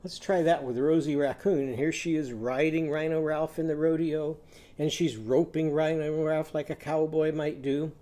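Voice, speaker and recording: A man's voice: on the high side, steady tone, moderate pace, warm tone. A man teaching a children's literacy lesson, patiently guiding young listeners through sounds and letters.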